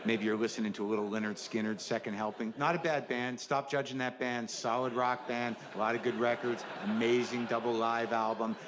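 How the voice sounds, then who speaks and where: A man's voice: mid-range voice, fairly even intonation, a little fast, few pauses, crowd noise. A middle-aged man doing a stand-up comedy set, riffing in a wry, sardonic, conversational way.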